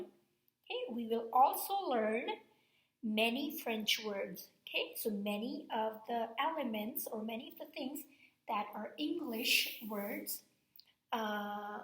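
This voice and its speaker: A woman teacher giving a recorded reading lesson to fourth graders, explaining step by step and checking in with "okay?". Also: a little high. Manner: slow, patient, explaining step by step with frequent "okay?". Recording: echoey room sound.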